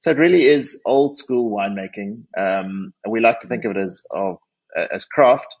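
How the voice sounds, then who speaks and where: Husky-voiced man, guest. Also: fairly low pitch, normal speed. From South Africa. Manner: chatty, self-deprecating, many restarts. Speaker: winery managing partner, guest. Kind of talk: radio interview. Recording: dull lo-fi audio.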